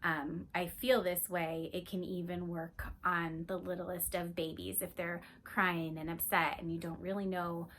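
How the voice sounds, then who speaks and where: A woman giving gentle, unhurried advice on calming young children, in a casual talk to camera, sometimes dropping to a near-whisper. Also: lowish voice, a little hiss or hum.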